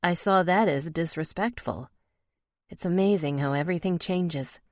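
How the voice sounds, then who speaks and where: Brief: female romance audiobook narrator, low voice, expressive, dry close-mic studio read. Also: moderate pace, no echo.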